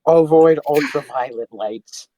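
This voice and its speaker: A man's voice: on the high side, measured pace, dark tone, no room sound, highs cut off. A man playing in a tabletop game, easygoing and wondering aloud. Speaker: player.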